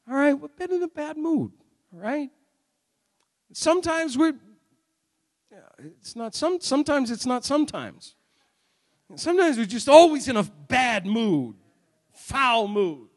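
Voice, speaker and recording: High-voiced male preacher in a reverberant hall. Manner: conversational preaching with rhetorical questions and loud emphatic bursts. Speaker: pastor. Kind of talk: sermon. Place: church sanctuary.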